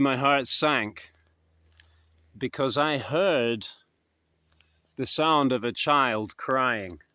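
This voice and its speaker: A man telling stories in a casual vlog, rambling and hesitant, his voice trailing off softly at the ends of thoughts, recorded outdoors in woods. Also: a little high, no room sound. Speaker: vlogger. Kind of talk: casual anecdotal storytelling.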